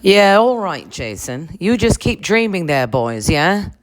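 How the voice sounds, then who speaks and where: A woman's voice: fairly low pitch, big pitch swings, a little slow, pitched above the performer's own voice, poor audio. A woman voicing a posh, haughty older lady of the manor who drawls "darling" at everyone.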